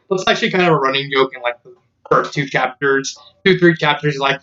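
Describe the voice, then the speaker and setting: A man's voice: a little high, fairly quick, bright, forceful tone. A man casually reviewing a story, laughing often in disbelief and using many fillers. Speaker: fan fiction reviewer. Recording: dull lo-fi audio.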